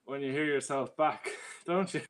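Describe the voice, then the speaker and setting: A man's voice: medium pitch, moderate pace, fairly bright tone. A man with a North County Dublin Irish accent, chatting casually as a guest over a video call. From Ireland. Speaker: guest on a livestream. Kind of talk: casual chat. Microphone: computer mic on a video call.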